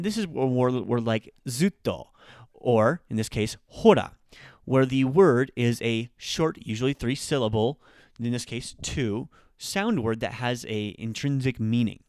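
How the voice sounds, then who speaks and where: A man hosts a quick language lesson with a smooth, clear voice. He talks in an energetic, chatty way and drops in the odd filler as he explains. The recording is dry and close. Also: medium pitch, no echo. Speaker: podcast host and Japanese teacher. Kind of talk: upbeat podcast lesson.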